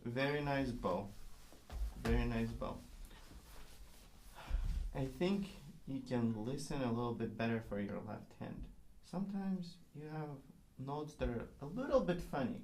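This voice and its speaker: A man's voice: mid-range voice, animated, unhurried, darkish tone, slight background noise. A man who is not a native English speaker, giving a patient, encouraging one-on-one violin lesson and singing rhythms aloud. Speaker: violin teacher.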